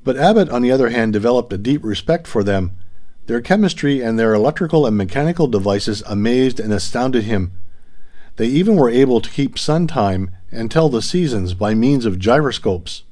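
A man reading an adventure novel aloud in a measured, even storytelling manner. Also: medium pitch. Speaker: audiobook narrator. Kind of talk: scripted narration.

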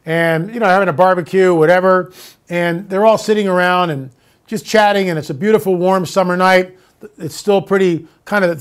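A man hosting his own show, talking straight to viewers in an animated way, moving between sarcastic ranting and storytelling. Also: high-pitched. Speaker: show host. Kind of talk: monologue to viewers.

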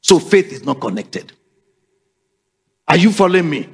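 A man's voice: on the high side, sing-song, normal speed, creaky, breathy edge. A man preaching a sermon, emphatic and repetitive, calling on the congregation to repeat after him. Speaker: pastor.

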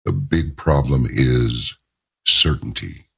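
A man with a very deep, gravelly voice holds forth as a radio talk host. His delivery is emphatic and rambling, with asides and rhetorical questions, and the tone stays husky throughout. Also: animated, takes it slowly. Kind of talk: opinionated talk radio monologue.

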